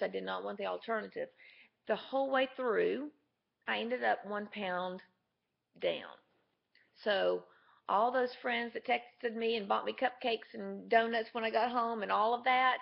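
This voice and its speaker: A woman's voice: mid-range voice, creaky. A woman talking candidly and chattily to camera in a casual video diary. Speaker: vlogger. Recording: dull lo-fi camera audio.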